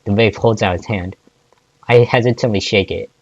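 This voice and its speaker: A man's voice: fairly low pitch, fairly even intonation, normal speed, breathy edge, no echo, muffled recording. A man reading fan fiction aloud, often stumbling and restarting words. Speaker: fanfic reader.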